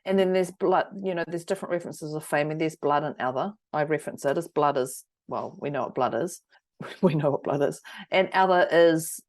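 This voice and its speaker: A woman co-hosting a casual podcast chat remotely, animated, acting out quotes and laughing a lot. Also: low voice, a little fast. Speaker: podcast co-host. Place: New Zealand, remote call.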